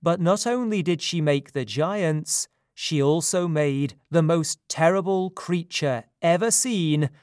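A male narrator reads a myth aloud in a calm, measured way. His voice is a little high for a man, his pace unhurried, and the sound close and dry. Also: clear, resonant tone, no room sound. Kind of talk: storybook reading.

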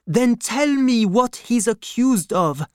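A man voicing a protective older doctor in a storybook reading, the voice lifted well above the narrator's own and drawn out slowly. The tone is soft and steadying, and the sound is close and dry with no room echo. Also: very high-pitched, expressive, smooth, pitched above the performer's own voice, exaggerated voice. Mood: demanding. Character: gentle older male doctor, calm and protective.

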